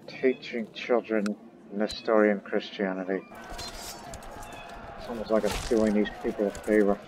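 A man's voice: fairly low pitch, fairly even intonation, unhurried, noisy background. A man giving casual gameplay commentary as a let's play host, chatting to the characters on screen. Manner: chatty, talks to game characters.

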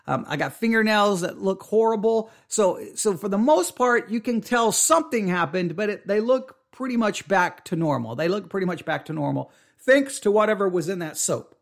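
A man with a high voice recounts a mishap in a casual, animated way. He stammers and restarts often and jumps up into his own panicked outbursts as he acts them out. He sounds middle-aged. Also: moderate pace, gravelly. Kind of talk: casual storytelling.

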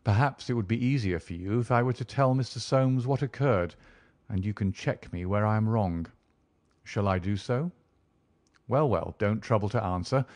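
A man voicing a calm, shrewd male detective who talks in a suave, measured, deliberate way. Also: lowish voice, no room sound. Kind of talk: audiobook character reading.

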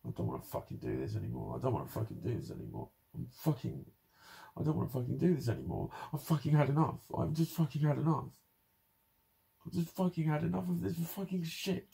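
Young guy ranting on his vlog, super raspy, bitter, swears nonstop. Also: on the high side, very animated, fast talker, warm tone. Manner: swears constantly, frustrated and bitter. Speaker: vlogger. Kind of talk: angry personal vlog rant.

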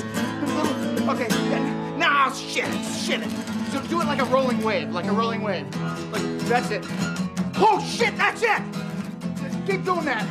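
An actor playing a brash, bossy young rock musician who swears constantly, barks orders and bursts into shouting and singing, with loud guitar behind him. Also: male voice, extremely high pitch. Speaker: band leader. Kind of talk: improvised film comedy.

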